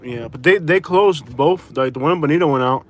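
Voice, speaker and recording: A man's voice: on the high side, brisk. A man from Florida chatting casually on a live stream while driving, rambling with lots of fillers. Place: in a car.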